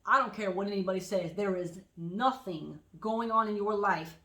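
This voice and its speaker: A bright-voiced woman of medium pitch chats at a moderate pace in an echoey room. As a podcast co-host in casual conversation, she tells stories animatedly and acts out the quotes.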